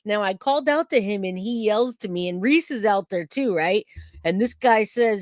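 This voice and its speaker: A middle-aged woman hosting a true crime livestream, chatting casually and telling a story with lively acted-out quotes. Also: mid-range voice, moderate pace, no echo, studio quality. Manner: chatty, animated storytelling, acts out quoted voices.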